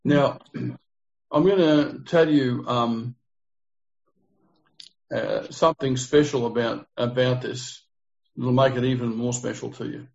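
A man's voice: mid-range voice, fairly even intonation, slow, creaky, pauses often, a little mellow. A man leading an interactive Bible study, explaining the text earnestly and putting questions to his group. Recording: dull lo-fi recording.

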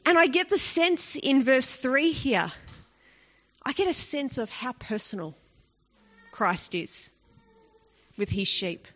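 A woman's voice: high voice, animated, slow, long pauses, fairly bright tone. A woman teaching a Bible passage in an explanatory, conversational way, often asking the listeners rhetorical questions. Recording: dull lo-fi recording.

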